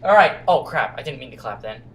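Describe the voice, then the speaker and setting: A man's voice: mid-range voice, lively intonation, quick pace, noisy background. A man casually reading out a game and bantering with a friend, teasing and exasperated. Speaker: gamer narrating a playthrough. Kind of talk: casual let's-play commentary.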